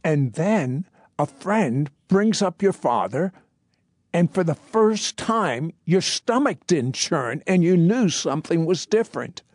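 Man, interviewer, animated voice, dry sound, leading questions. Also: a little high, slow pace, no room sound. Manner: leading, sets up each story moment.

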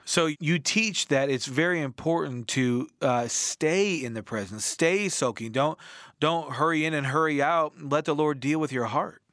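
An earnest man hosts a Christian interview and leads into his questions with plenty of fillers. His voice sits a little high. The sound is dry and close. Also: a little slow, fairly bright tone, dry recording. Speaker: TV show host interviewing an author.

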